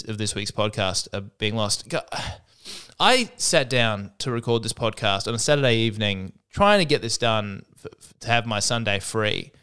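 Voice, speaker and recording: A man's voice: lowish voice, fairly bright tone, clear, resonant tone. A man hosting a solo podcast, rambling with wry asides and frequent restarts. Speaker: podcast host. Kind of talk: solo comedic podcast monologue.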